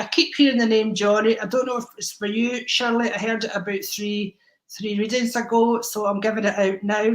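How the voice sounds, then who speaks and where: A woman's voice: medium pitch, echoey room, rough recording. A woman giving psychic readings to viewers on a live stream, affectionate and rambling, calling people darling. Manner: rambling, many ums and restarts.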